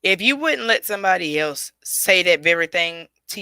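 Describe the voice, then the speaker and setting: A woman's voice: lowish voice, expressive, moderate pace, pushed and bright, clear, resonant tone, no room sound. A woman hosting a solo podcast, talking straight to her listeners in an emphatic, preachy way. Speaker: podcast host.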